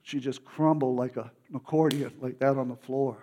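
A man's voice: mid-range voice, moderate pace. Emotional preacher man telling a testimony. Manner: emotional, animated storytelling with restarts. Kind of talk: sermon testimony storytelling.

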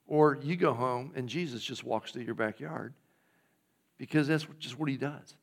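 A man delivers a church sermon in an easy, conversational way. His voice sits at a medium pitch. He keeps things light, with asides and playful impressions of the lines he quotes. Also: moderate pace. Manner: conversational, jokey, acts out God's lines in a casual voice. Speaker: pastor.

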